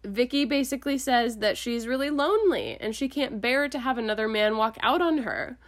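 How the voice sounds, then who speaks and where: A woman casually recapping a film plot to friends, as an animated storyteller. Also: a little high, brisk.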